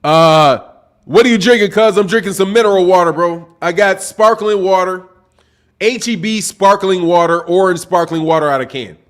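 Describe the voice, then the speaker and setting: A man hosting a live-stream boxing talk show, loud and excitable, projecting his voice and saying "bro" a lot while reading viewer super chats. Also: high-pitched, normal speed. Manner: reads super chats aloud. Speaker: boxing channel host. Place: home live stream, sipping drinks.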